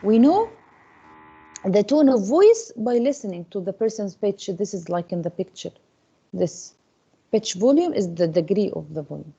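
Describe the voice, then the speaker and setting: A female English teacher addresses her class in a mellow, slightly husky voice, repeatedly checking in with a coaxing "Okay?". Her voice is mid-range with big pitch swings, and she speaks at a moderate pace. The recording sounds dull and lo-fi.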